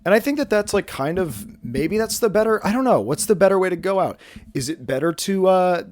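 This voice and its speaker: A man's voice: high-pitched, animated, a little fast, darkish tone, dry recording, studio quality. A young man in his twenties vlogging at home, rambling and joking at himself with lots of fillers and restarts. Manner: rambling, self-mocking, many fillers and restarts. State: slightly out of breath. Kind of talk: casual rambling vlog.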